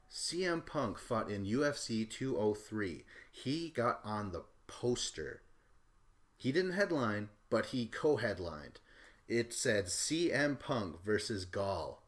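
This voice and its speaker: A man hosting a podcast, rambling casually through a recap and swearing offhandedly. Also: mid-range voice. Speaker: podcast host.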